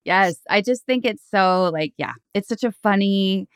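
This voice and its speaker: Relaxed middle-aged woman guest, talkative, dry mic. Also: mid-range voice, a little slow, clean tone, no echo. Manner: chatty, fillers, laughs often. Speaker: podcast guest, author. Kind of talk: casual interview chat.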